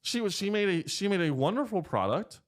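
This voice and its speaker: A man in his thirties, hosting a casual comedy podcast in a studio, talks fairly quickly with big swings in pitch. He rambles, jokes a lot, and keeps things crude.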